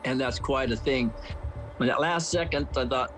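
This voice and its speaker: A man's voice: mid-range voice, normal speed, a bit bright, poor audio. A man in his seventies telling a story in a plain, folksy way during a documentary interview. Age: 70s. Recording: faint music underneath. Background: faint music.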